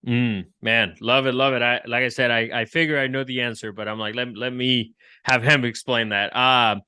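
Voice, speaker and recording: A man's voice: mid-range voice, level tone, normal speed, pushed and bright, clear, resonant tone, no echo. A man hosting a podcast interview, chatting casually with lots of slang and restarts. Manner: loose, slangy, many restarts and "like", "bro". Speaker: podcast host.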